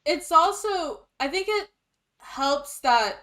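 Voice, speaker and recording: A young woman co-hosting a podcast in casual chat, animated and blunt, laughing often. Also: sits high, takes it slowly. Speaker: podcast co-host.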